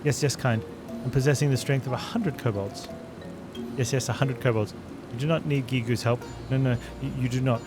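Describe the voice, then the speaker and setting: A man gives voice to a jittery little kobold in game dialogue, restating each phrase with three synonyms while loud game music plays. He speaks a little fast in a steady, mid-range voice close to his everyday one, sounding pleading.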